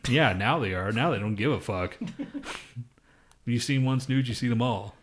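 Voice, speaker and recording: A man's voice: medium pitch, expressive, measured pace, fairly bright tone, slight background noise. Profane, laughing young guy telling stories. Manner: loose, profane storytelling with frequent laughs. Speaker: podcast co-host. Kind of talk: casual chat.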